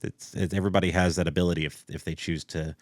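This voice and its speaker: A man's voice: low-pitched, fairly even intonation, quick pace, dry recording. A man hosting a live interview, speaking hesitantly with many restarts and fillers while offering support to his guest. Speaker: interview host.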